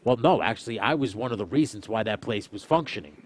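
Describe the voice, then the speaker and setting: A young man casually telling a story on a stream, swearing often and loudly acting out what people said. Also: on the low side, quick pace. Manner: animated, swearing, acts out quotes loudly. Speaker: streamer, host.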